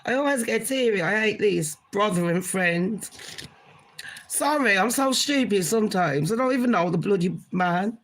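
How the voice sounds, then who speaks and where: A woman's voice: mid-range voice, animated, moderate pace, low-quality recording. A woman hosting a casual gossip live stream, chatting with viewers and swearing now and then. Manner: chatty, swears, talks to viewers as honey pot. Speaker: gossip channel host.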